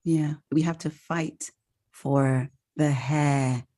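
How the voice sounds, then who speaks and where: A woman hosting a casual podcast, chatty and expressive, laughing often between points. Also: sits low, extremely slow. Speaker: podcast host.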